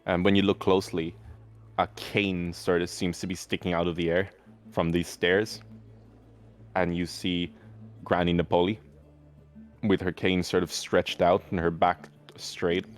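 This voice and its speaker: A man's voice: low voice, little pitch movement, a little slow, pauses often, faint music behind. A man narrating a tabletop game as game master in a rambling way, with many fillers.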